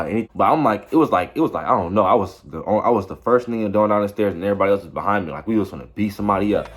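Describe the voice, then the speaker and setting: A man's voice: lowish voice, fast. Slangy young man rambling through a story. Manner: slangy, rambling, repeats "you feel me". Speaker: vlogger. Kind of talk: casual storytelling.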